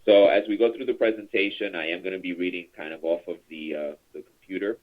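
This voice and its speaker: A man's voice: low voice, fairly even intonation, fast talker. A man leading a call center training over a conference call, chatty and rambling with many fillers. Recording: tinny phone line.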